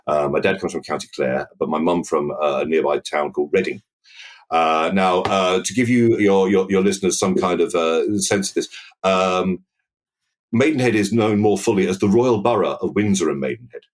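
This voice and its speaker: Deep-voiced southern English man, halting. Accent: southern English, near standard BBC. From England. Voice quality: deep bass voice. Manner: halting, many repeated words and restarts. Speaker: podcast guest. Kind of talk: conversational interview.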